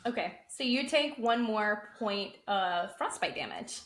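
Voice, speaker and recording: A woman's voice: mid-range voice, lively intonation, unhurried, a bit bright. A young woman narrating as game master of a tabletop game, playful and giggly as she describes events. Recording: roomy echo, faint noise.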